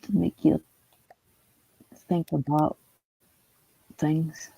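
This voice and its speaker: Subdued gravelly woman streaming a puzzle. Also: deep voice, level tone, extremely slow, mellow, no room sound, rough recording. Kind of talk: casual livestream chat while doing a puzzle.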